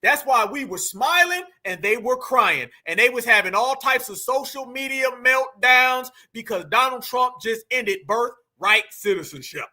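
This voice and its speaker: A man with a very high, sharp, bright voice, loud and taunting as he mocks the clips he reacts to. His delivery is slangy and scornful, pitched well above most men. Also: animated, unhurried, few pauses. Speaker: commentary streamer. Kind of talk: mocking reaction commentary.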